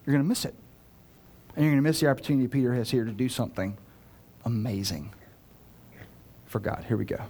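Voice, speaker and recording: A man preaching a sermon as a pastor, earnest and direct, swinging between loud urgent pleading and hushed, slow emphasis. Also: medium pitch, steady tone, slight background noise. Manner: earnest, direct address to listeners.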